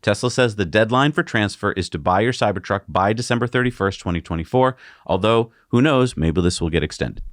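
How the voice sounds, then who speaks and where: A man's voice: lowish voice, fairly quick, hardly any pauses, dry recording, studio quality. A man hosting a news show, presenting stories and chatting with a co-host in a punchy, emphatic way.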